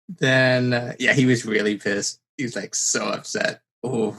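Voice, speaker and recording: Male podcast host, casual, lively storyteller who acts out the people in his stories; mid-range voice. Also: medium pitch, normal speed, breathy edge. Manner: animated storyteller, acts out quotes. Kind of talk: casual chat.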